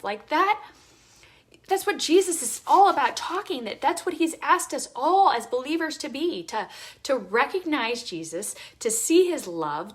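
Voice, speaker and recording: A woman's voice: high-pitched, fairly bright tone. A young woman speaking earnestly about her faith, sharing a personal story and praying, often dropping to a whisper. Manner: earnest, emotional, drops to whispers. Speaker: devotional vlogger. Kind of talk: personal faith reflection and prayer.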